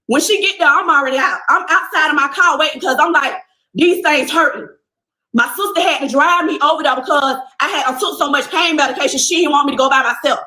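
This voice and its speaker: Young woman, casual storyteller vlogging to her followers, sharp bright voice, acts out the other people in the story. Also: high-pitched, a little fast, echoey room, low-quality recording. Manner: animated, talks to viewers as y'all, acts out what people said. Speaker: person telling a personal story. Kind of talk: casual first-person storytelling.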